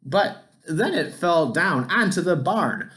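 Slow, gentle man reading a picture book. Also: on the high side. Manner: gentle, expressive storytelling. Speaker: storybook reader.

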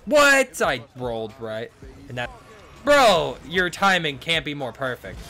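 A man's voice: on the high side, very animated, a little slow, pushed and bright. A young man commenting casually on his own gameplay, swearing and breaking into frustrated outbursts. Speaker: gaming streamer.

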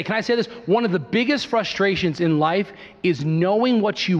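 High-voiced man preaching a sermon. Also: normal speed, hardly any pauses. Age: 30s. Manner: emphatic preaching with repeated phrases. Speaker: pastor. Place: church sanctuary. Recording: reverberant church hall, dull sound.

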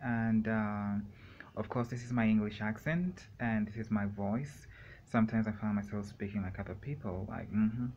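A man talking alone in a room for a rambling solo vlog, meandering and halting with many fillers and pauses. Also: on the low side, a little mellow, highs cut off, slight background noise. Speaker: vlogger.

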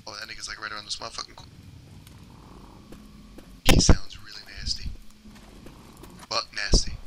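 A man chatting and swearing loudly while playing a co-op zombie shooter, often shouting in panic. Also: lowish voice, completely flat delivery, normal speed, background noise. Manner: loud, swearing, yelling in panic. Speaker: gamer. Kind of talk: casual co-op gaming chat.

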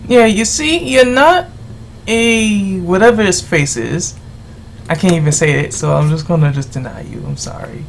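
A gamer giving rambling, exasperated commentary while playing, yelling at the game's characters. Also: mid-range voice, normal speed, gravelly, slight background noise. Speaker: let's play gamer. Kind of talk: gameplay commentary.

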